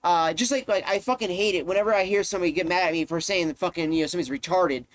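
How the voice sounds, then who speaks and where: A man's voice: high voice, rapid-fire, no echo. A man live-streaming, ranting to his chat in a heated, profane way, often repeating himself.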